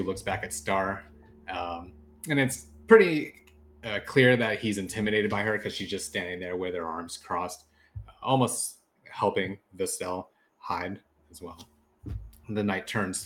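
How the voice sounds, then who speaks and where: Low-voiced man running a tabletop game. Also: unhurried, a bit bright, soft background music. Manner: loose, laughing narration with many fillers. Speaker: game master.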